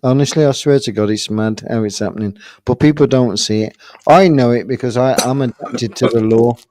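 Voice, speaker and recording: A man's voice: mid-range voice, fairly quick, a little mellow, no echo. A man in casual live-stream debate, rambling with restarts and calling others "mate". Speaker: panel speaker.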